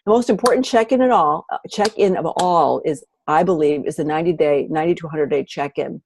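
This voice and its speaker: An older woman giving an enthusiastic training talk at a team meeting, animated and excitable, with sudden jumps in pitch. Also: fast talker, slightly rough, dry recording.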